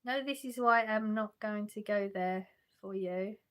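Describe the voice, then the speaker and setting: A woman talks in a smooth, mid-range voice at a slightly slow pace. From her sofa at home she runs a casual livestream, reading and answering viewer messages while often laughing and restarting.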